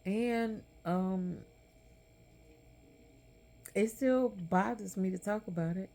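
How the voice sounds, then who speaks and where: A woman's voice: medium pitch, gravelly, dark tone. A middle-aged woman, telling a personal story candidly and with emotion, talking straight to her viewers. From Texas. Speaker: vlogger. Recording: light background noise.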